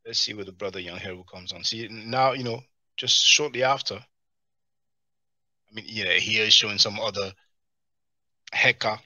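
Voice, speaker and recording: A man's voice: on the low side, measured pace, long pauses, no room sound, studio quality. A man hosting a live stream, reading chat and mocking the video clips he plays. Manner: mocking, animated, answers chat comments.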